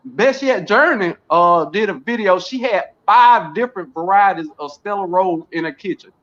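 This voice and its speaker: A man's voice: high voice, animated, moderate pace, a bit bright. A man co-hosting a live stream, joking and reading viewer comments aloud. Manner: reads out viewer comments, jokey, laughs. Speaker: co-host of a live gardening stream. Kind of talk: casual live-stream chat. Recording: dull lo-fi stream audio.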